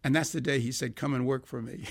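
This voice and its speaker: An older man, a songwriter being interviewed, telling lively anecdotes, acting out quoted dialogue and laughing as he goes. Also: medium pitch, a little fast, vocal fry. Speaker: songwriter guest.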